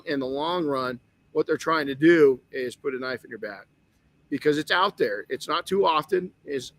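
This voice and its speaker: A man's voice: on the high side, a bit bright. A man hosting a motivational podcast, telling a personal story candidly with frequent restarts. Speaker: podcast host.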